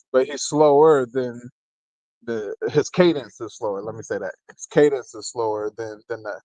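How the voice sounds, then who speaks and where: On a dry, rough recording, a medium-pitched man hosts battle rap with loose, rambling commentary. He keeps asking "you know what I mean," chuckles between remarks, and jokes around with his chat.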